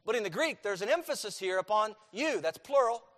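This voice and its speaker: Man, pastor, sermon, emphatic, repeats phrases, loud-to-quiet swings, church sanctuary, long reverb. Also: high voice, animated, brisk.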